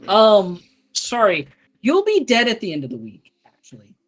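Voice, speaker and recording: Game master, man, fairly high voice, loose rambling delivery with restarts. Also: huge pitch swings, moderate pace, a little hiss or hum. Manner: rambling, with frequent restarts and asides. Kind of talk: narrating a tabletop game on a live stream.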